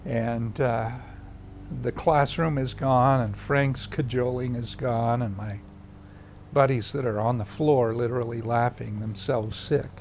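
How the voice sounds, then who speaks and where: An older man tells a personal story in an interview with a mid-range voice. He is animated and acts out other people's lines, then drops to a hushed voice for the tender parts. He is recorded on a close mic, with a faint hum in the room behind him. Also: mid-range voice, measured pace.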